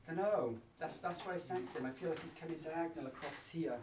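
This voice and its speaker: A man speaks as a medium, feeling his way through impressions with many pauses and fillers. He sounds distant from the mic in an echoey room. Faint noise sits underneath. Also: a little high. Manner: hesitant, searching, many fillers. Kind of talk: describing psychic impressions on location. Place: indoors at an old inn.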